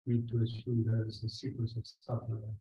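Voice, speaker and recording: A man in a seminar audience making brief, halting remarks to the speaker. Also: lowish voice, monotone, muffled recording. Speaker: audience member.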